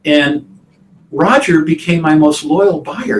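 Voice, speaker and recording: A man's voice: on the low side, moderate pace, roomy sound, slight background noise, poor audio. A male real estate instructor telling a folksy story in a live online class. He chuckles often and fills his talk with you-knows and uhs. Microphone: computer mic on a video call.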